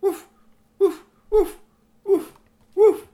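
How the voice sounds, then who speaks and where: A man voicing a small injured robot dog that whimpers and begs for help in a high crying voice. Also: fairly even intonation, drawn-out words, mellow, heavily acted. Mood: whimpering, pleading.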